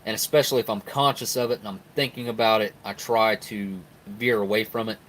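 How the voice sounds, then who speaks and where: A middle-aged man with a southern Ohio Appalachian accent and a fairly low voice chats loosely on a home live stream. He rambles in a folksy way, chuckling as he reads viewer comments aloud. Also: steady tone, fairly quick, fairly bright tone, a little hiss or hum, rough recording. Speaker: live-stream host reviewing military rations. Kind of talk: casual live-stream chat.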